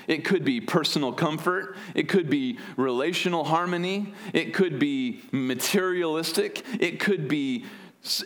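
A man's voice: a little high, fairly bright tone. A man preaching an earnest expository sermon, explaining word meanings with wry asides. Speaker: pastor.

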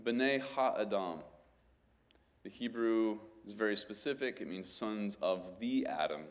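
A man's voice: lowish voice, takes it slowly. A man preaching a sermon, teaching through scripture verses and building up to emphatic, exclaimed points.

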